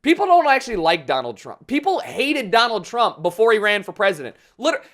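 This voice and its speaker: A man's voice: high-pitched, big pitch swings, fairly quick, a bit bright. A young man ranting casually and sarcastically about politics, swearing often and rambling. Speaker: vlogger.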